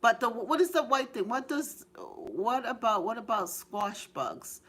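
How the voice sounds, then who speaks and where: A woman's voice: fairly high pitch, animated, unhurried, slightly rough. A middle-aged woman hosting a live gardening stream, chatting with viewers in a bubbly, giggly, cheering way. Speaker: gardening channel host.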